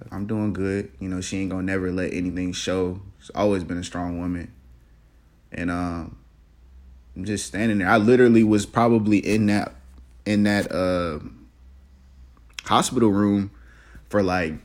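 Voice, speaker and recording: A young man in college, telling a personal story in a casual, halting, reflective way, with many fillers and restarts. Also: low-pitched, darkish tone. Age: young adult.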